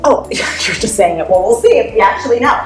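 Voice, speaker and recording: A woman's voice: mid-range voice, animated, fairly quick, echoey room, soft background music. A woman teaching a family yoga class, upbeat and playful, making animal sounds as she guides poses.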